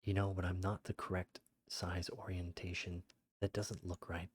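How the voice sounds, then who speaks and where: A man streaming a game as a VTuber, reading viewer messages aloud in a flat, rattled-off list and sounding exasperated. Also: low voice, moderate pace, a little hiss or hum. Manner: exasperated, rambling. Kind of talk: casual livestream chat while gaming.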